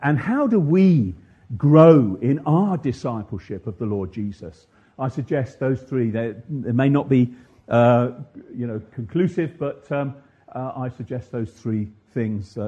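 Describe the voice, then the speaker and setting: A man preaching an interactive Sunday sermon in church, asking his listeners questions and slowing down to stress the verses he quotes. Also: mid-range voice, lively intonation, mellow, husky, highs cut off. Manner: asks the congregation questions, pauses with ums.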